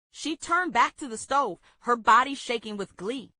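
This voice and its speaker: A woman's voice: a little high, no room sound. Woman reading a memoir aloud. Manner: steady, measured reading. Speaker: book club reader.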